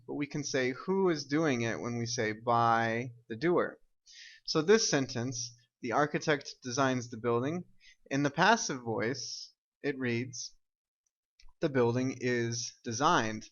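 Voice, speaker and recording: A man's voice: mid-range voice, fairly bright tone, highs cut off. A man teaching an English grammar lesson, explaining step by step and often checking with "right?" and "okay?".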